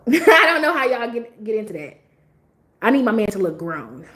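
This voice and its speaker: A young woman talks straight to her livestream viewers in a loose, unfiltered chat. Her voice sits a little high and swoops all over the place as she jokes. She swears freely and breaks into laughter again and again. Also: normal speed. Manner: animated, blunt and profane, laughs often. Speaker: livestream host.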